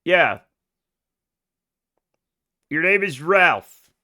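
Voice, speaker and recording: An American man streams a game live and chats with his viewers in a casual, rambling way. His voice is on the high side, expressive, very slow, pushed and bright. He swears, mocks himself and often restarts his sentences.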